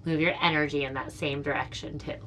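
A woman's voice: low-pitched, steady tone, fairly quick, gravelly, a bit bright, a little hiss or hum. A woman talking as a birth educator on a casual podcast chat, playful and demonstrative. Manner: playful, demonstrates sounds and laughs.

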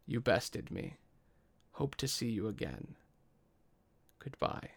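Bitter pseudo-dragon for a tabletop game, as the game master puts it on, slow and gravelly. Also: male voice, mid-range voice, big pitch swings, heavily acted. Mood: defeated. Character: vengeful pseudo-dragon creature.

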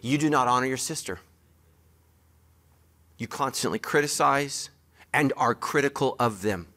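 A man's voice: medium pitch, a little slow, sharp tone. A man preaching a sermon as pastor, speaking straight to his congregation with emphatic, joking asides.

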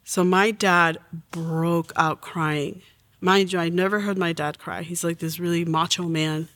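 Forties, earnest storyteller, dry close sound, middle pitch, personal faith testimony. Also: fairly even intonation, a little slow, fairly bright tone, no echo. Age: 40s. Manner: earnest storytelling, acts out quoted speech. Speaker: testimony guest.

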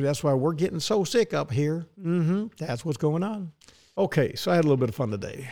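A man's voice: a little high, animated, fairly quick, gravelly, darkish tone. A man hosting a podcast, giving blunt, sarcastic, folksy commentary on his own. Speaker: podcast host. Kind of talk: opinionated solo commentary.

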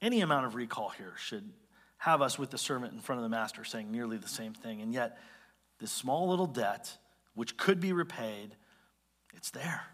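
A male pastor preaching a sermon, explaining scripture in an animated, conversational way with quick asides. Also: medium pitch, in a large hall. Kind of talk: expository sermon.

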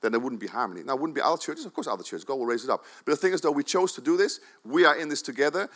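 A pastor from the Netherlands, preaching a sermon in a church, swinging between loud, emphatic urging and quiet asides. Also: male voice, medium pitch, expressive, very fast.

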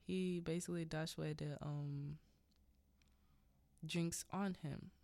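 A woman's voice: sits low, fairly even intonation, slow pace, gravelly, mellow, no echo. A woman hosting a podcast, casually recapping a movie in a rambling way with frequent laughs and fillers; English is not her first language. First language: a language other than English. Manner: rambling, laughs between lines, fillers like yada yada. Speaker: podcast host.

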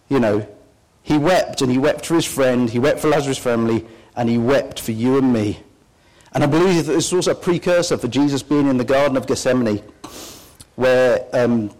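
A man's voice: medium pitch, a little mellow, low-quality recording. A man preaching a sermon in an earnest, heartfelt way.

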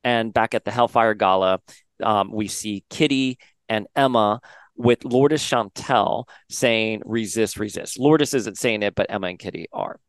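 A man's voice: fairly low pitch, measured pace, clean tone, no echo. A man hosting a podcast, casually recapping a comic story and paraphrasing the characters' lines in a chatty way. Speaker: podcast host.

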